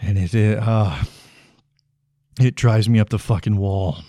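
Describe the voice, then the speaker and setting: Alone at the mic, a podcast host in his thirties speaks at a measured pace in a low, soft-edged, mellow voice. He's blunt and frustrated, swearing often and breaking off to start over, and the sound is dry and close with no room sound.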